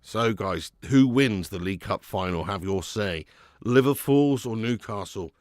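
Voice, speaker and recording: A man's voice: lowish voice, expressive, measured pace, darkish tone, dry recording, studio quality. A man hosting a live football watch-along, commentating and chatting with viewers, reading out their comments. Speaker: watch-along stream host.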